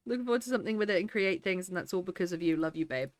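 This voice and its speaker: A woman's voice: medium pitch, rapid-fire, hardly any pauses, no room sound, clean studio sound. A woman streaming a game, chatting casually, reading her chat aloud and laughing often, sniffly and teary. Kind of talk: casual live-stream chat while gaming.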